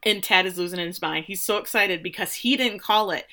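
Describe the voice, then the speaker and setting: Woman co-host recapping, all emotional and animated, swears a lot, medium pitch. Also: brisk. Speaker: podcast co-host. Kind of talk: casual recap chat.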